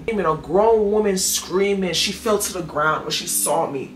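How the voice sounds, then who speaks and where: Woman telling an animated story, roomy echo. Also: mid-range voice, a little slow, soft background music. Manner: animated, acts out what others said. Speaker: guest giving testimony. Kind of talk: emotional storytelling. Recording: echoey room with faint noise.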